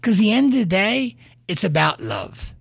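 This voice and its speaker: Guy doing a motivational podcast rant, gravelly and kinda husky, dry close sound. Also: high voice, huge pitch swings, normal speed, no echo. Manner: earnest, storytelling, with frequent "right?" asides. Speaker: podcast host. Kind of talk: motivational monologue.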